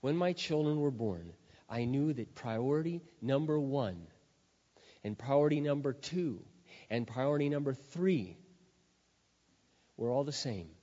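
Forceful preacher in an echoing hall. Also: male voice, medium pitch, animated, a little slow, pauses often. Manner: forceful, swings between loud emphasis and quiet intensity. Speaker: pastor. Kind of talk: sermon. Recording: dull sound with long hall reverb.

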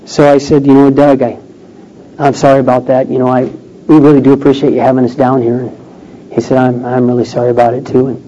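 A man's voice: mid-range voice, brisk. A middle-aged man telling a personal story in a sermon, acting out the people he quotes. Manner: animated storytelling, acts out quoted voices. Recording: dull lo-fi recording with faint noise.

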